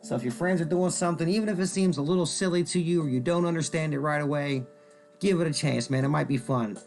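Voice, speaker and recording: Brief: male stream host, gravelly fry in his voice, jokey rambling delivery, faint music underneath. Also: on the high side, fast, darkish tone. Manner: joking, rambling, greets viewers by name. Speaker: host of a card-selling stream. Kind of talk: casual rambling chat while showing cards.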